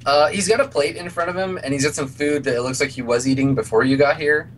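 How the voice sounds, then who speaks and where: A man's voice: fairly high pitch, fast talker, a little hiss or hum. A man running a tabletop role-playing game as game master, describing scenes in a loose, filler-heavy way.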